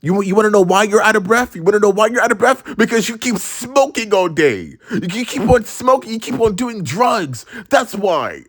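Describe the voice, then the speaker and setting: A woman's voice: medium pitch, animated, moderate pace, few pauses, voice pushed up, close to an everyday voice. A man voicing his suspicious middle-aged mother, who keeps accusing and lecturing in a raised, repetitive voice. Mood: scolding.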